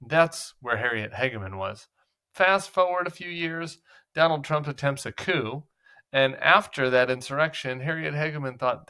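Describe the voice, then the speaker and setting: A man's voice: fairly high pitch, moderate pace, pushed and bright, clean tone. A man hosting political commentary, talking casually with a sarcastic, mocking edge.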